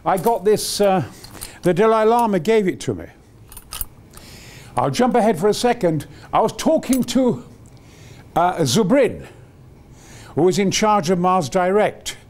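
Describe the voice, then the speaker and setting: Older man in his 80s, rambling enthusiast, high-pitched with wide swings. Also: lively intonation, unhurried, pauses often, a little mellow. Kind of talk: reminiscing storytelling.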